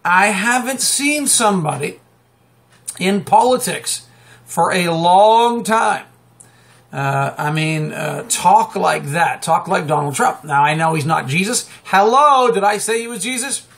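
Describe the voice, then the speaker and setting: Male live-stream host, middle-aged, high-pitched, talkative and excitable, restarts his sentences a lot. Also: a little slow, vocal fry. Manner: excitable, chatty, many fillers and restarts, sudden high exclamations. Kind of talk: rambling political commentary monologue.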